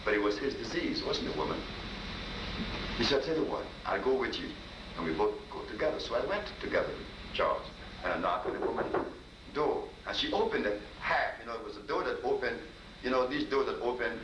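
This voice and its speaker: A man's voice: mid-range voice, lively intonation, fairly quick. A man giving a storytelling lecture as a healer, folksy and repetitive, acting out dialogue. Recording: echoey room, distant mic, noisy.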